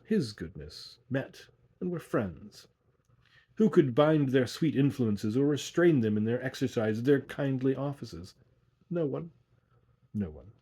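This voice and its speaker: A man reading a ghost story aloud in slow, measured narration. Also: mid-range voice, warm tone, slightly rough. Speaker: audiobook reader.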